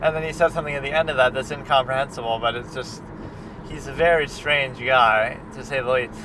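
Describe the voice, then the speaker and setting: A man's voice: mid-range voice, fairly even intonation, fairly quick. A man in a casual reaction chat as a film critic, rambling and conversational, with lots of fillers and restarts. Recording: distant mic with street traffic noise.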